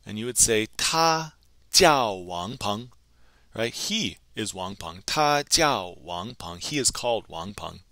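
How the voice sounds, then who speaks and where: A man narrating a recorded language lesson, his lowish voice rising and falling in a lively way. He talks unhurriedly and patiently, modeling each phrase slowly so learners can repeat it. The sound is bright and dry. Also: no echo. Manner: patient, explanatory. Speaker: Chinese language teacher.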